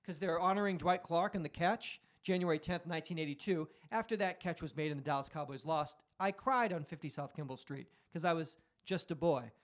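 A man in his forties with a high-pitched voice chats on a podcast. He tells stories with animated energy, acting out shouted quotes and swearing freely as he goes. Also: a little fast, hardly any pauses. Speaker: podcast host. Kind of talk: casual chat.

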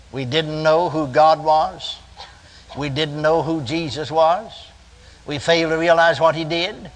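An older man preaching a sermon, telling a folksy story that climbs into emphatic shouts. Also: a little high, poor audio.

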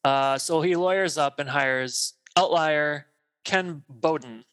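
A man's voice: a little high, slow pace, a bit bright, clear, resonant tone. A man in his thirties co-hosting a podcast, recapping a film in casual chat and acting out the characters' lines. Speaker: podcast co-host.

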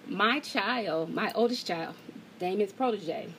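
A woman's voice: medium pitch, slow pace, a bit bright, slight background noise, rough recording. A woman hosting an online group call, talking in a heartfelt way and holding back tears. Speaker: host of an online gathering. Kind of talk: emotional casual talk to a group call.

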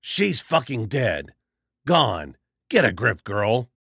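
A man voicing an angry, foul-mouthed older man who yells and swears in a storybook reading. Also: medium pitch, big pitch swings, slow, gravelly, husky, no echo, studio quality, full character voice. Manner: yelling, swearing, demanding.

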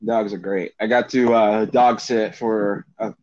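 A man's voice: fairly low pitch, fairly even intonation, measured pace, a little mellow. Easygoing man with a lo-fi sound. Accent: non-local accent. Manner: easygoing, laughs at himself. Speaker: gamer. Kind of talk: casual chat while playing.

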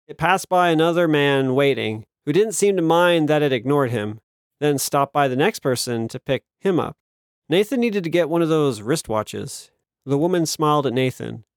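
Steady male audiobook narrator, dry sound. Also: fairly high pitch, dry recording. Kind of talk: scripted narration.

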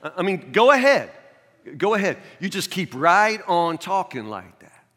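A man preaching a sermon as a pastor in a conversational, animated way, recorded in a church sanctuary. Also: sits high, normal speed. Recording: long reverb of a large church hall.

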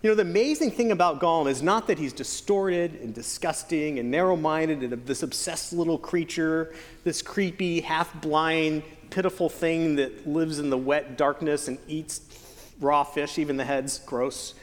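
A man preaching a sermon as pastor, earnest with playful joking asides and slow, stretched emphasis on key phrases. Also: on the high side. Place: church sanctuary. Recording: long church hall reverb.

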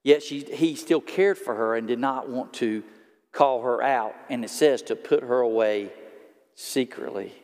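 A man's voice: mid-range voice, unhurried, darkish tone. A man, a pastor preaching a sermon in a conversational storytelling way and talking straight to his congregation. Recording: long hall reverb.

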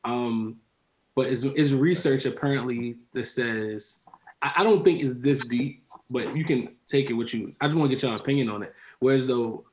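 A man's voice: medium pitch, normal speed, darkish tone, a little hiss or hum. Laid-back slangy man host. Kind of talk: casual chat.

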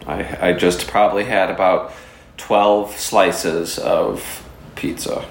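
A man's voice: deep voice, steady tone, slow pace. A man from Chicago co-hosting a podcast, talking in a casual, jokey, self-deprecating way. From Chicago, USA. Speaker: podcast co-host. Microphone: computer mic on a video call. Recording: echoey room with faint noise.

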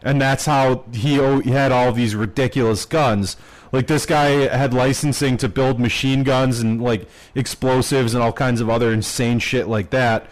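A man's voice: mid-range voice, steady tone, normal speed, rough recording. A man co-hosting a podcast, telling a story in a rambling, casual way with lots of fillers and swearing. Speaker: podcast co-host. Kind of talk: casual chat.

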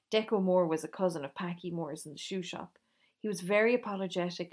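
A woman reading a novel aloud, gently voicing the characters in dialogue. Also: lowish voice. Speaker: reader.

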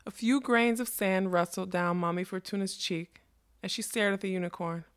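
A woman narrating a fantasy novel aloud in a measured, expressive reading. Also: mid-range voice. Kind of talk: storybook reading.

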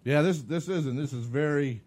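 A man's voice: fairly high pitch, normal speed, darkish tone. A man co-hosting a podcast, chatting casually and talking with his mouth full while eating. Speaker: podcast co-host.

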